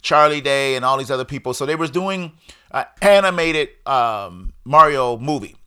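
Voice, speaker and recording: A man's voice: mid-range voice, animated, moderate pace, pushed and bright, clear, resonant tone. A man co-hosting a podcast, chatting casually and rambling, often restarting his sentences and chuckling. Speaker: podcast co-host. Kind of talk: casual chat.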